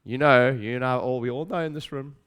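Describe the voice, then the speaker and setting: A mid-range, clear, resonant voice with a slightly bright tone belongs to a middle-aged man giving a motivational stage talk at a practice-building seminar. Talking a little fast, he is emphatic and repetitive, acting out his inner doubts and asking the audience questions.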